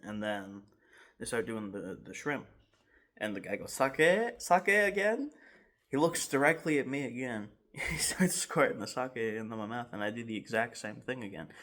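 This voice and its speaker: A man in his garage telling a rambling, animated story time with laughs and restarts. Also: fairly low pitch. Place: home garage.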